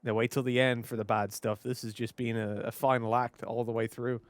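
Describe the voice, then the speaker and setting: A man with an Irish accent giving animated, joking color commentary on an esports match. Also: medium pitch, brisk. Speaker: esports caster.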